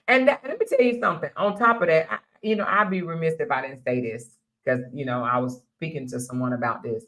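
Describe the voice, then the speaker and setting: An older woman hosts a casual live-stream chat with a Southern flavor, her deep, slightly bright voice moving fast with few pauses. She's blunt and preachy, speaking her mind and laughing often.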